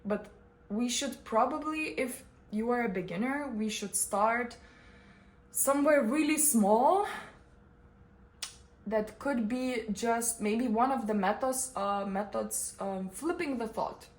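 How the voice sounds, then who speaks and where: A young woman who works as a vlogger and coach talks casually and expressively to the camera about personal things, frequently laughing. Her voice is slightly high and her delivery slow.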